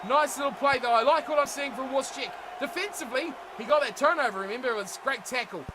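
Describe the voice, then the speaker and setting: Young aussie guy calling a rugby sim like live sport, really high bright voice, bit of faint noise behind him. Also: quick pace. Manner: animated, shouts at big plays, chatty asides to viewers. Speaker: gaming commentator. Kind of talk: excited play-by-play game commentary.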